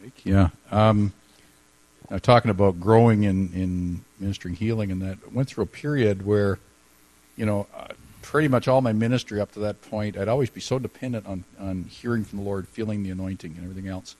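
A man in ministry giving an earnest personal testimony, halting a little as he speaks. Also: fairly low pitch, darkish tone, rough recording. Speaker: ministry leader sharing testimony.

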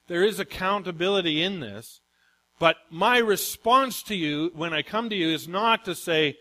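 A man's voice: high voice, moderate pace, bright, forceful tone, poor audio. A man preaching a sermon as pastor, emphatic and calling out questions to the congregation.

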